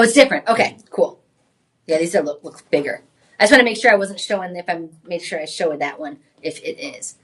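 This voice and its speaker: A woman hosting a live home-shopping show, pitching jewelry in an enthusiastic, chatty way with frequent exclamations. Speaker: shopping channel host.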